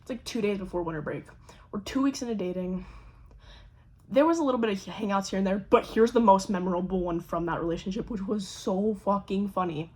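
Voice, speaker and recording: A young woman with a husky, slightly breathy voice tells a story to her camera in a loose, chatty way. She is animated, swears freely and slips into quick impressions of the people in her tale. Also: mid-range voice. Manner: animated, swears a lot, acts out quoted voices. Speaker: vlogger. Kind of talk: casual storytelling.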